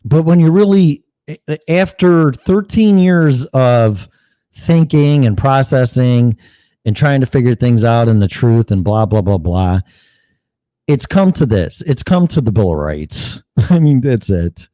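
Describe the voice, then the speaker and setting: A man's voice: medium pitch, animated, unhurried, mellow, no echo. A man hosting a show, delivering a blunt, heated political monologue full of swearing and mocking asides. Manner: blunt, heated, swears often, mocks opponents in put-on quotes. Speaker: podcast host.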